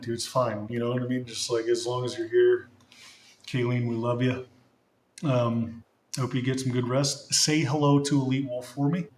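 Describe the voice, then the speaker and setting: A man hosting a casual livestream, rambling with many fillers and thanking viewers warmly. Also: mid-range voice. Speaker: livestream host. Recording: roomy echo.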